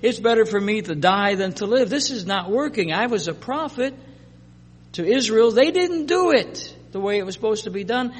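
Sulking, aggrieved male prophet, voiced by a preacher mid-sermon, slightly high, long hall reverb. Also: expressive, moderate pace.

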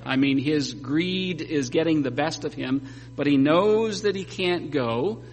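A man preaching a sermon and reading scripture aloud, telling it with lively joking asides. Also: fairly high pitch, unhurried. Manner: animated storytelling with joking asides. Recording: long hall reverb, faint hum.

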